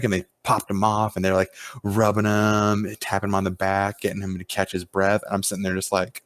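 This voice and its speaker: Podcast guy with a deep voice, swears a lot telling stories, dry sound. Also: flat delivery, a little fast, hardly any pauses, dry recording. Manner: storytelling with acted-out quotes, swears freely. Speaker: podcast host. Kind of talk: casual chat.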